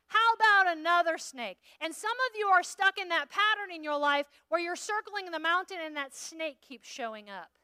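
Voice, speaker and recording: A woman's voice: very high voice, expressive, normal speed, sharp tone, no echo. A middle-aged woman preaching at a conference in a chatty, storytelling way, acting out her own thoughts. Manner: conversational, acts out her own inner dialogue. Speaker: pastor. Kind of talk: conference sermon.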